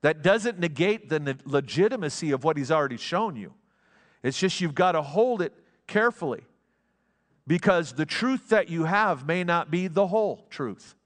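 A middle-aged pastor in a church delivers a sermon in a chatty, anecdotal way, often stopping and restarting his sentences. His voice sits a little higher than most men's, and a long hall reverb trails behind every phrase. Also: expressive, normal speed. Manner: conversational storytelling preacher, frequent restarts. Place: church sanctuary.

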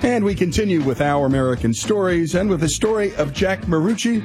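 A man's voice: sits high, lively intonation, brisk, music in the background. A man hosting a radio show, introducing a story with an emphatic, swooping delivery.

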